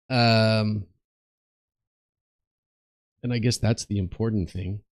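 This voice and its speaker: A man's voice: fairly low pitch, steady tone, no room sound. A tired man chatting casually and meandering while he plays an online game, with lots of fillers and restarts. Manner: slow, meandering, many fillers and restarts, mutters to himself. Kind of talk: casual rambling chat over gameplay.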